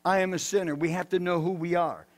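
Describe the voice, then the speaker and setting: Pastor, male, high-pitched tenor, emphatic preaching that swings loud to soft. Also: steady tone, fast. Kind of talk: sermon. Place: church sanctuary.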